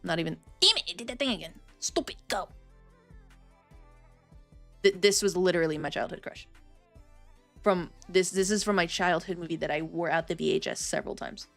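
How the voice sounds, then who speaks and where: A woman's voice: fairly low pitch, fairly bright tone, soft background music. Chatty woman streamer in her thirties. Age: 30s. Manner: chatty storytelling, swearing, quick restarts. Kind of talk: casual livestream chat.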